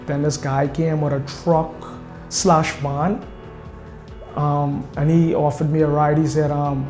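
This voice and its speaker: A man's voice: fairly high pitch, little pitch movement, slow, a little mellow. Man in an echoey room. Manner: step-by-step telling with many street directions. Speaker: interviewee. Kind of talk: personal storytelling. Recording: echoey room with faint music behind.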